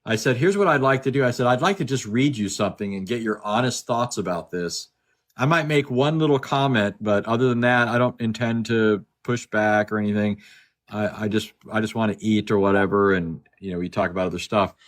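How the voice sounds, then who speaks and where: A man's voice: fairly low pitch, brisk. A man on a phone video call, telling a story in casual talk, with many repeated words and the other speaker's lines acted out. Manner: chatty, repeats words, acts out quoted dialogue. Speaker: guest speaker. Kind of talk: casual storytelling in a live discussion.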